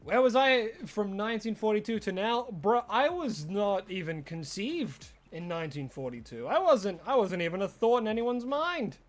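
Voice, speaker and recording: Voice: mid-range voice, moderate pace, hardly any pauses, faint music behind. Playful rambling Australian streamer. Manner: playful, rambling, bursts into excited yelling. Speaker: game streamer. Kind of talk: live gameplay stream chat.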